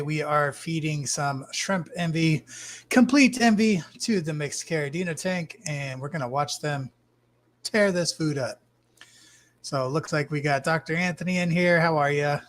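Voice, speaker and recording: A man hosting a casual live stream from his fish room, greeting chat viewers by name in a relaxed way. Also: a little high, a little slow. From Arizona, US. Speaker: livestream host.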